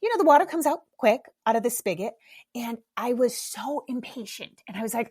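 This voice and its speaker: A woman's voice: fairly high pitch, expressive, fairly quick, warm tone, slightly rough. A middle-aged woman hosting a podcast alone, talking in a casual, candid way, swearing freely and laughing at herself. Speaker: podcast host. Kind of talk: casual solo podcast talk.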